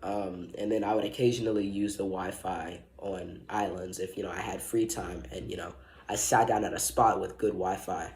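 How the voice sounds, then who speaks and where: A man's voice: low voice, normal speed, slight background noise. Young man rambling casually in an echoey room. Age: young adult. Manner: relaxed, rambling with many fillers. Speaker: vlogger. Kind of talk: casual travel recap.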